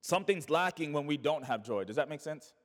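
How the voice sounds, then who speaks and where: A man's voice: on the high side, animated, fairly quick, big-room sound. A male pastor preaching a sermon, asking rhetorical questions and calling on the congregation to repeat words back.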